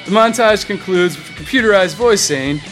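A man reads the scene directions of a comic audio drama, amused and laughing as he goes. His voice sits on the high side. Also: lively intonation, moderate pace, fairly bright tone, soft background music. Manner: amused, laughing through lines. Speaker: scene narrator. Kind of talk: reading stage directions.

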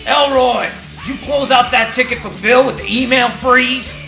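A man's voice: high-pitched, unhurried, gravelly, pushed and bright, reverberant, faint music behind, full character voice. A man voicing a curt, balding male office boss who barks orders at his employee. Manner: barking, curt.

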